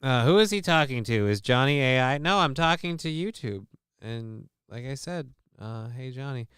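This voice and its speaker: Man, livestream host, very clean smooth voice, dry close sound, swears a lot, sarcastic rambling. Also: medium pitch, lively intonation, moderate pace, a bit bright, dry recording. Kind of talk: casual livestream chat.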